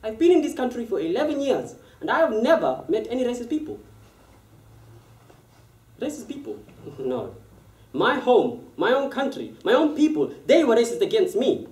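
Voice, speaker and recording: A woman's voice: on the high side, sing-song, moderate pace, darkish tone. An actress playing an immigrant woman who has lived in England for eleven years, speaking earnestly in a stage monologue. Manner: earnest, emphatic testimony. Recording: echoey room, voice from far off.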